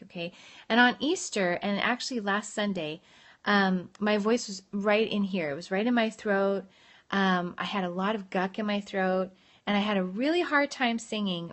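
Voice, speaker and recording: Bright-voiced, upbeat woman vocal coach. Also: mid-range voice. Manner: chatty, upbeat, reads out and answers viewer comments. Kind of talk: casual livestream voice lesson. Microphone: phone livestream.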